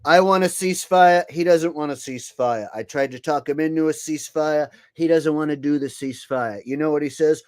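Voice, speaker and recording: A man's voice: a little high, brisk, few pauses, a little mellow, no room sound, natural voice. A man doing an impression of a boastful older male politician, repetitive and blustery. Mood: bragging.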